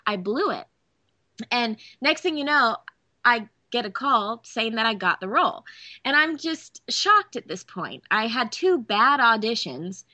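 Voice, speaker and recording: Casting: young Southern woman, bright, crisp voice, dry close sound, animated storyteller. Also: on the high side, a little slow, no echo. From American South. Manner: animated storyteller, acts out quoted voices, laughs often. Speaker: voice actress guest. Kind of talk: casual interview storytelling.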